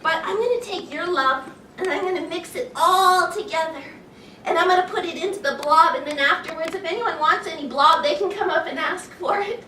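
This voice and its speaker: A woman giving an animated talk to an audience, playful and exaggerated, gasping and laughing as she acts out feelings. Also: extremely high pitch, brisk, recorded from a distance, slight background noise. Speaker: children's educator giving a talk. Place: large room with an audience. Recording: echoey room recorded from afar, faint ambience.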